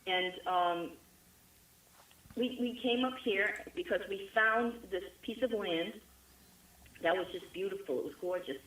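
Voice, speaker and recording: A woman's voice: mid-range voice, unhurried, long pauses, fairly bright tone, poor audio. A middle-aged woman from Rhode Island with a New England accent, chatting as a guest and repeating words for emphasis. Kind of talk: conversational interview.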